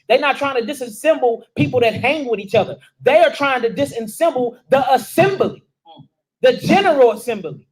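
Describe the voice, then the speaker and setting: A man's voice: very high-pitched, low-quality recording. A man preaching a sermon, calling out questions to his listeners in informal dialect speech. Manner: calls out questions and answers to the room. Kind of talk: sermon teaching.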